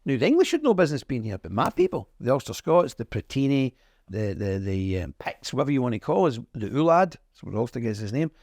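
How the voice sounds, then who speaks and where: A man's voice: very animated, fast, a little mellow, dry recording, studio quality. A middle-aged Northern Irish man, an interview guest telling history in an emphatic, storytelling way. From Northern Ireland. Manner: emphatic, storytelling, swings in pitch. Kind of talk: conversational interview.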